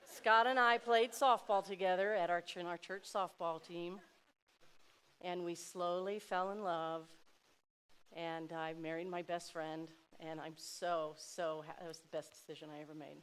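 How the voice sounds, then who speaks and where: A middle-aged woman giving a heartfelt personal speech to an audience, swinging between loud exclamations and soft asides. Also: on the low side, fairly even intonation, measured pace, clean tone. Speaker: speaker at a dinner event.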